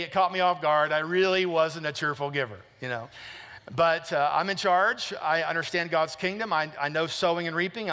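Man, pastor, sermon, bright tone, fairly high voice, emphatic repetition, echoing hall. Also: clean tone. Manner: emphatic, repeats phrases, asks the audience questions. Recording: long hall reverb.

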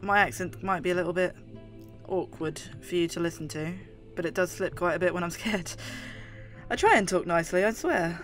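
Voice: mid-range voice, a little fast, fairly bright tone, faint music behind. A gamer with a London accent and a slight lisp, commenting on a horror game in a chatty, jumpy way, swearing often. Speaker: gaming video host. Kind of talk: let's play commentary.

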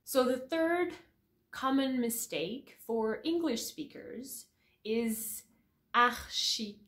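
A woman teaching pronunciation, repeating each word slowly and checking in with "all right?" after each point. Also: fairly high pitch, animated, fairly bright tone. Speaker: French teacher. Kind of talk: pronunciation lesson to camera.

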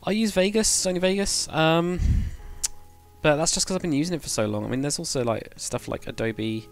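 A man's voice: on the high side, brisk, creaky, soft background music. A man casually chatting on a game livestream, thinking aloud while building and answering chat. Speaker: game streamer.

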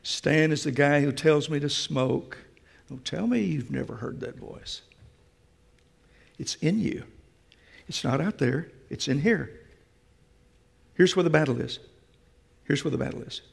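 Preaching in a church sanctuary, this man has a fairly high voice that's gravelly and husky, delivered animatedly and without hurry, with long pauses. He's emphatic and addresses the congregation directly, and the hall gives a long reverb.

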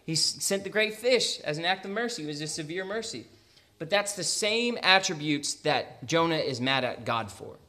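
A man preaching a sermon, animated and joking, acting out an angry prophet's prayer in quoted lines. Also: a little high, moderate pace. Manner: animated, jokes and acts out Jonah's angry prayer.

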